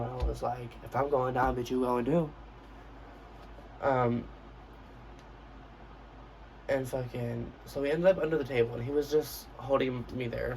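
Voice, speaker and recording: A man's voice: medium pitch, gravelly, distant mic, a little hiss or hum, rough recording. A young man telling a storytime vlog in a brash, profane, casual way, acting out what he said. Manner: brash, profane, acts out quotes of himself. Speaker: vlogger.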